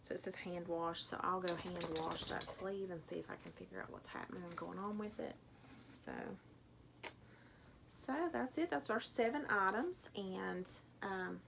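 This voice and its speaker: A woman's voice: fairly low pitch, normal speed, creaky, a bit bright, slight background noise. A middle-aged woman with a Tennessee accent, chatting casually through an unboxing vlog at home, rambling with lots of ums. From Tennessee, USA. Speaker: thrift reseller vlogger.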